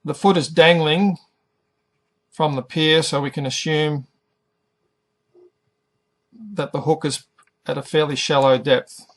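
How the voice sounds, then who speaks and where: A middle-aged man gives a slow, deliberate English lesson, pronouncing each word with great care. His voice sits a little high for a man, and he lets long pauses fall between phrases. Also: steady tone, a bit bright. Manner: careful, over-articulated pronunciation. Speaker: ESL teacher.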